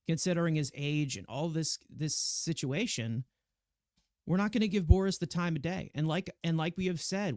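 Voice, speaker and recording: A man co-hosting a casual sports podcast, animated and rambling with many restarts. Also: fairly high pitch, no echo, clean studio sound. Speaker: podcast co-host.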